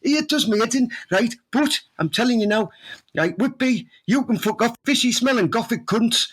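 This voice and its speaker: A man with a strong Teesside accent rants in a fiery comic tirade, swearing and tagging sentences with "right?". His voice sits high for a man and has a husky, rough edge. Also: expressive, normal speed, a bit bright. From Teesside, England. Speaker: podcast co-host. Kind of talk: comic rant.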